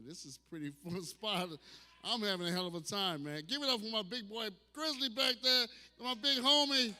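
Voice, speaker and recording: A man hosting a comedy open mic, hyping the crowd with loud, profane banter. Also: sits high. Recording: reverberant bar hall.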